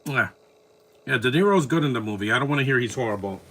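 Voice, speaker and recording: A man's voice: mid-range voice, lively intonation, fast, fairly bright tone. A man giving casual, opinionated commentary while watching a film, rambling and restarting his sentences.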